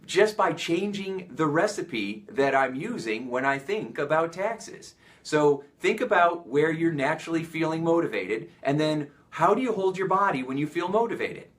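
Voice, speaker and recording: Energetic American man coaching. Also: a little high, normal speed, hardly any pauses. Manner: energetic, coaching, asks many questions. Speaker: motivational coach. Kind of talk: motivational talk to camera.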